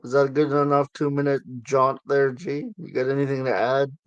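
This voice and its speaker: A man's voice: medium pitch, flat delivery, moderate pace, clean tone, no echo, muffled recording. A man hosting a casual sports talk show, chatty and given to sarcastic asides. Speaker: sports podcast host.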